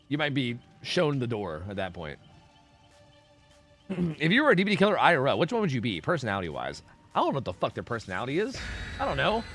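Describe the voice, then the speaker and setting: A male streamer talks in a bright, forceful voice that swings up and down a lot, rambling and swearing as he answers chat mid-game. Faint game music plays underneath. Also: mid-range voice. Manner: rambling, profane, chatty, answering chat questions. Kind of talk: casual live-stream chat with viewers while gaming.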